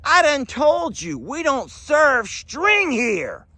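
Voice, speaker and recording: A man doing a shrill, barking bartender. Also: wildly swooping pitch, slow, bright, forceful tone, no echo, exaggerated voice. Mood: indignant. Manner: incredulous, barking. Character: rude shouting male bartender in a joke.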